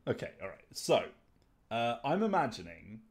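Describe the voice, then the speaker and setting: A man's voice: medium pitch, very animated, normal speed, creaky, slightly rough. A man hosting a livestream, chatting casually, rambling with fillers and laughing as he describes a scene. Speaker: livestream host. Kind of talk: casual chat, mock trailer narration.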